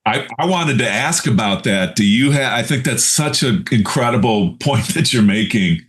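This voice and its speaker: A man's voice: mid-range voice, expressive, normal speed, fairly bright tone. A middle-aged man hosting a podcast over a video call, asking long, enthusiastic questions that wander a bit. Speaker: podcast host. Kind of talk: casual podcast interview.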